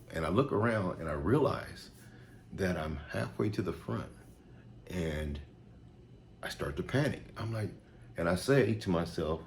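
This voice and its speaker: A man's voice: a bass voice, slight background noise. A man earnestly retelling a personal faith experience, repeating himself with restarts and fillers. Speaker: storyteller. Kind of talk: personal testimony storytelling.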